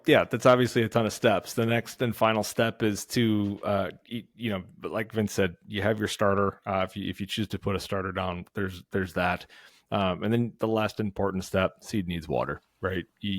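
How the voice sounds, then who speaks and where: Man, lawn care host, fairly low voice, dry sound, casual step-by-step explaining. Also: dry recording. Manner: explains step by step with filler words. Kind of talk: casual instructional talk.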